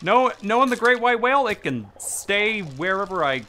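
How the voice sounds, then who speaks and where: Bright, lively male gaming streamer. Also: high-pitched, moderate pace, slight background noise. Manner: animated, swearing, talking back to game characters. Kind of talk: casual gameplay commentary.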